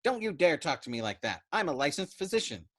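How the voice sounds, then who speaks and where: A man's voice: a little high, big pitch swings, fairly quick, fairly bright tone, voice pushed up. A man playing a wailing, self-pitying army doctor. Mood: whiny. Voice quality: wailing, mournful.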